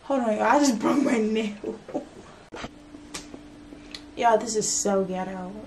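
A woman's voice: medium pitch, takes it slowly, a little mellow, slight background noise. A twenty-year-old woman from Virginia, chatting casually to camera as a vlogger and college student, rambling with lots of fillers and slang. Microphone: camera mic.

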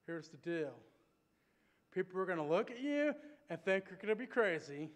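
A man preaching a sermon in a church, telling a personal story in an animated, conversational way with asides to the congregation. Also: high-pitched, normal speed. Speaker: pastor. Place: church sanctuary.

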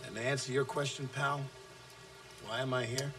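A man's voice: steady tone, normal speed, background noise, lightly acted. A man playing a brash abusive sales boss. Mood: contemptuous. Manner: aggressive, taunting, swings between shouting and low menace. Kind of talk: film acting.

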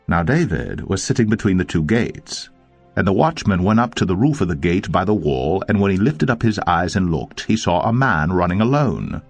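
A man reading scripture aloud in a measured, deliberate narration. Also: sits low. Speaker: audio Bible narrator. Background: faint music.

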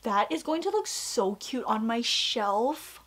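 Young woman chatting in her vlog, kinda high voice, gushes over stuff and whispers a lot. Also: sing-song, slow pace, fairly bright tone. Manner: gushing, slips into whispers. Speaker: vlogger. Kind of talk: casual haul vlog.

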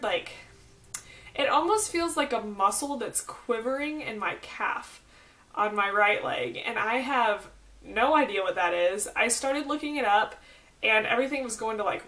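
A woman's voice: on the high side, lively intonation, measured pace, bright, forceful tone. A young woman with a Southern American accent vlogging casually, rambling through her week with lots of fillers and side notes. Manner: chatty, rambling, with many fillers and asides. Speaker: pregnancy vlogger. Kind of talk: casual chat.

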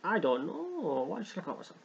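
A man's voice: sits high, wildly swooping pitch, brisk, creaky, dull audio, a little hiss or hum. A young man hosting a let's play, joking and rambling as he reads game text aloud. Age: young adult. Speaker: gaming channel host.

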